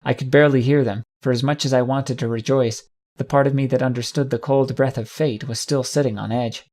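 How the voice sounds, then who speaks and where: A man reading a first-person fan fiction audiobook with steady, dramatic storytelling. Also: medium pitch, a little fast. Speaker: audiobook narrator.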